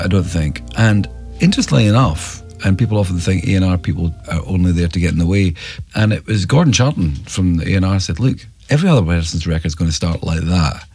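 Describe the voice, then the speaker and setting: A man's voice: deep voice, a little mellow. Chatty man telling band stories. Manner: chatty, rambling, laughs often. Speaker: band member guest. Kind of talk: relaxed anecdotal chat.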